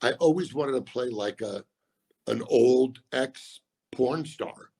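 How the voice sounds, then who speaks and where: Gravelly husky man telling deadpan stories. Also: mid-range voice. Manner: deadpan storyteller doing quick voices of others. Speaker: guest comedian. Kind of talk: casual storytelling chat.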